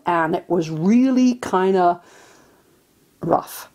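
A woman's voice: mid-range voice, unhurried, mellow. An English woman hosting a casual, giggly chat with a friend on video. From England. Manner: giggly, laughs often. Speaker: host.

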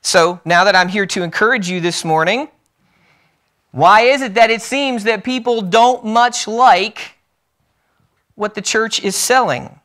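A man's voice: sits high, unhurried, pushed and bright. A man preaching a sermon in a church, mixing self-deprecating jokes with earnest, emphatic points. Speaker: pastor. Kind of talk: sermon with opening prayer. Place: church sanctuary.

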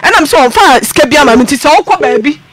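A woman's voice: high voice, expressive, fast talker. A Ghanaian woman on a radio counselling show, insistently defending herself with emphatic denials.

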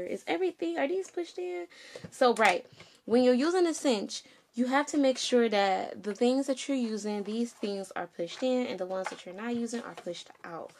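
A woman's voice: on the high side, darkish tone. A woman vlogger talking viewers through a craft project in casual chat, frustrated and calling her viewers y'all. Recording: clear background noise with clicks.

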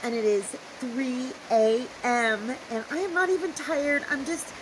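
A woman's voice: high voice, unhurried, background noise. A woman chatting casually to the camera in a homestead vlog, rambling and thinking aloud as she goes. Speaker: homestead vlogger. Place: small home at night, later outdoors in the yard.

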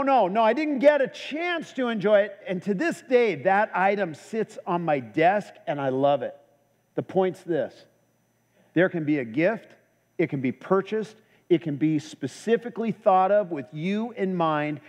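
A man's voice: on the high side, a little mellow. A male pastor preaching a sermon, telling a humorous story before turning earnest. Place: church. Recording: echoey church hall.

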